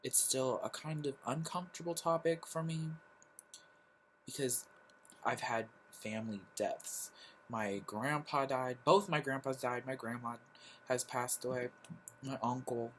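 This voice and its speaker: Young adult vlogger, slow and halting, sighs between phrases, faint background hum. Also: mid-range voice, steady tone, poor audio. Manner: halting, sighing, lots of fillers. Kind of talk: personal confessional vlog.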